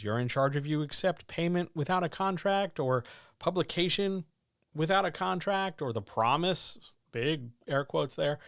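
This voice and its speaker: A man's voice: on the high side, gravelly, a bit bright, no echo, clean studio sound. A man hosting a live-stream advice show for writers, talking blunt and joking, straight to the listener. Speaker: host answering writing questions.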